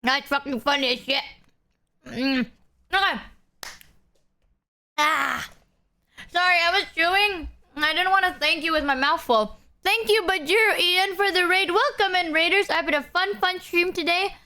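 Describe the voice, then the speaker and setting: A woman's voice: extremely high pitch, unhurried, pauses often, pushed and bright. A young woman streamer chatting casually with her viewers, swearing freely and sometimes talking while she eats. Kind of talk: casual live-stream chat.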